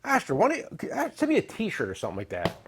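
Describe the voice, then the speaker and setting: A middle-aged man with a gravelly, slightly raised voice hosts a casual tool-sales show. He rambles, cracks jokes and slips in sales pitches. A faint hiss of noise sits under the recording. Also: wildly swooping pitch, rapid-fire, a bit bright. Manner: joking, rambling, salesy with asides. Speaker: tool dealer and show host. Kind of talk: casual product talk and storytelling.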